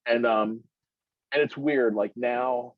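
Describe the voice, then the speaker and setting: A middle-aged man on a podcast, telling a long, rambling personal story that climbs much higher in pitch as he gets worked up. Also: slow, no echo. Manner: rambling, animated storyteller who climbs high when excited. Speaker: podcast guest. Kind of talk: casual storytelling. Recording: muffled, dry recording.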